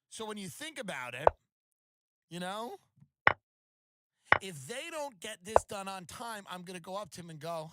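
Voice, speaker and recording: A man's voice: high voice, sing-song, normal speed, long pauses, heavy background noise. A man hosting a podcast, telling comedic stories in a sardonic, mock-outraged monologue. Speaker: podcast host.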